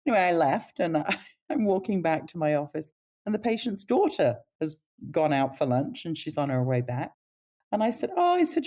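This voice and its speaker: A middle-aged woman, a palliative care nurse, telling stories in a casual interview and jumping up in pitch when she quotes people. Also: moderate pace. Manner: animated pitch when quoting others.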